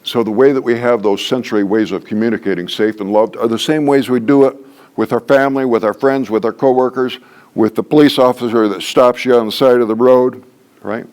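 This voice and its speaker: An older man gives a training talk to a small group at a middle pitch. He speaks in a folksy, joking way and repeats each key phrase for emphasis. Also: fairly even intonation, brisk, darkish tone. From Canada. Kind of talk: workshop lecture.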